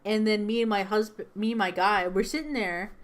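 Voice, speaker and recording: Young woman streamer just yapping, cusses a lot, mid-pitched, laughs at her own stories. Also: fairly even intonation, brisk. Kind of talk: casual chat while drawing on a livestream.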